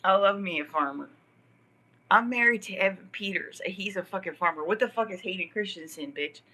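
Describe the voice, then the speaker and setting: Husky, bright-voiced woman ranting on a livestream. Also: mid-range voice, fairly quick, low-quality recording. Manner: profane and mocking, often drops to a whisper, laughs mid-sentence. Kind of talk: rambling live-stream rant.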